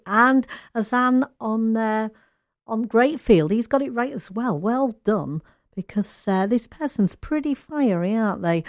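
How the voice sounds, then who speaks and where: A woman's voice: fairly high pitch, no room sound. A woman hosting a radio quiz in a chatty, playful way, speaking into a studio microphone. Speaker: radio host.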